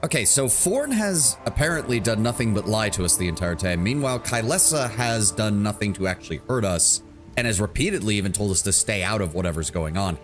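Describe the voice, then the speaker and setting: A male game streamer with a very low, deep voice. He reads role-playing game text aloud and breaks off for joking asides to his chat. His talk is loose and conversational. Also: expressive, a little fast, music in the background. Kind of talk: live game stream with casual commentary.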